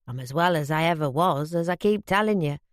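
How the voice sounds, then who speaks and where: A woman reading an audiobook, voicing a gruff, proud Yorkshire father of fifty who grumbles bluntly in a lowered voice. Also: animated, brisk, no echo, studio quality. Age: 50s.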